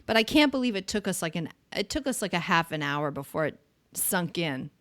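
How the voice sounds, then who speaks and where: A woman hosting a podcast, telling stories in an animated, sarcastic way. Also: fairly low pitch, a little fast. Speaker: podcast host. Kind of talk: casual chat.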